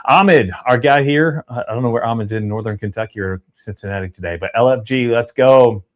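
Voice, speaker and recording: Upbeat man hosting a livestream. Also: mid-range voice. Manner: upbeat, chatty, reads names and donations in quick lists. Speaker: livestream host reading super chats. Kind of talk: casual livestream chat.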